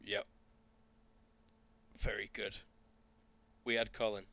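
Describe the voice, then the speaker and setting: Low, bright-toned game master man. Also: little pitch movement, slow pace, vocal fry, dull audio. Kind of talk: running a tabletop game over voice chat.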